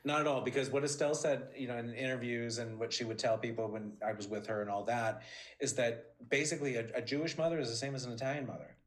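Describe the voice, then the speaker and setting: A man talks as a podcast guest at a middle pitch, chatty and full of restarts. He tells stories with energy and jumps high into quotes. Casual and unscripted. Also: fast talker. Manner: animated storyteller, many restarts, jumps high when quoting. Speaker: interview guest, former assistant. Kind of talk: casual interview talk.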